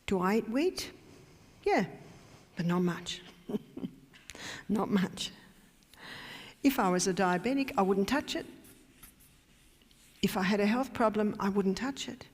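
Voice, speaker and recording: With long pauses at a normal speed, a mid-range female voice carries through a church hall's long reverb. She's an Australian health educator, lecturing emphatically and quizzing the crowd.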